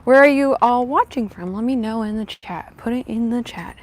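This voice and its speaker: A woman's voice: a little high, moderate pace, a little hiss or hum. A young woman chatting upbeat with her live viewers while walking outdoors, a little out of breath. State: slightly out of breath from walking uphill. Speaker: vlogger live-streaming. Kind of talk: casual live-stream chat while walking. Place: outdoors on a windy walk.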